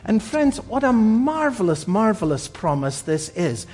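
High-voiced man preaching slowly. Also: very animated, darkish tone, husky. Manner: earnest, emphatic preaching with slow stressed phrases. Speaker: pastor. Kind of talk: recorded sermon.

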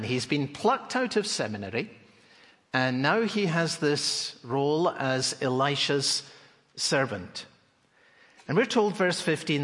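A man's voice: mid-range voice, fairly bright tone, big-room sound. A man preaching an expository sermon, telling the story animatedly and posing rhetorical questions.

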